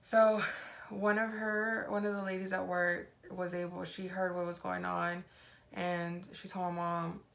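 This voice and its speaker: A woman's voice: fairly low pitch, little pitch movement, a little slow, gravelly, fairly bright tone. A young adult woman vlogger casually telling a personal story, retelling past conversations with frequent "like" and "I was like". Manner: retells events with reported dialogue, many "like" fillers.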